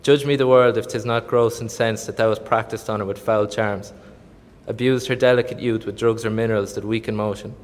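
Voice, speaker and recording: A man's voice: on the low side, fairly even intonation, a little fast, close to an everyday voice. A man playing Brabantio, a furious old senator. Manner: loud, bullying, accusing. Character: enraged old Venetian senator, outraged father. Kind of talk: Shakespearean stage acting. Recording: long hall reverb, voice from afar.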